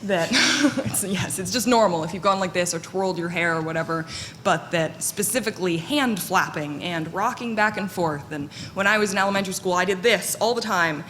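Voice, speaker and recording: A woman giving a live conference talk in a fairly monotone, candid and self-deprecating way, with plenty of fillers. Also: on the low side, normal speed. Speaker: conference speaker. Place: conference hall. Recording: echoey hall with faint noise.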